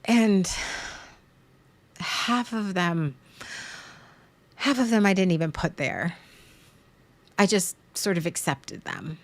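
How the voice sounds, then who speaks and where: Speaking slowly at medium pitch with long pauses, a podcast host works through a frank, emotional monologue. She swears now and then, rambles, starts over and repeats words as she goes.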